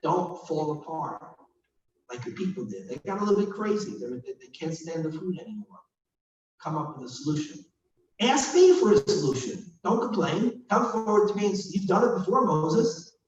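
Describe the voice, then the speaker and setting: Guy giving a chatty sermon, reads scripture with feeling, voice a bit high, mic far away. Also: big pitch swings, normal speed, a little mellow. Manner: conversational teacher, asks the listeners questions; reads scripture aloud dramatically. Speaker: rabbi and cantor leading a service. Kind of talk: informal sermon with scripture reading. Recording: distant mic in echoey room, dull sound, faint hum.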